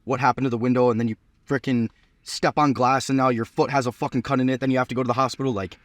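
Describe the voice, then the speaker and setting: Male co-host, mid-pitched, rapid chatty delivery, dry sound. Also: flat delivery, dry recording. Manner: quick, agreeable, chiming in with anecdotes. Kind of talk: casual podcast chat.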